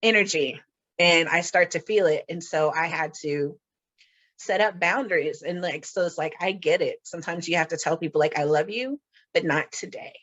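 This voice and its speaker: A woman's voice: on the low side, moderate pace, fairly bright tone, lo-fi sound. A middle-aged woman hosting a podcast, chatting casually and laughing often. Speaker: podcast host. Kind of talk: casual chat.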